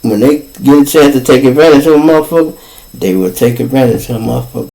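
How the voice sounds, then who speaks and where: A man's voice: mid-range voice, fast, gravelly, mellow, poor audio. A man from Chicago with a Chicago accent, hosting his own show and telling a street story in casual, profane slang, acting out both sides of the argument. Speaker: podcast host telling a story.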